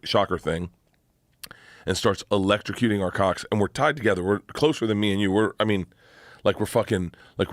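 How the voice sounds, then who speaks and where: A man, a podcast guest, telling a crude anecdote in an animated, casual way. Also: sits low, no room sound, studio quality. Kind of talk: casual chat, storytelling.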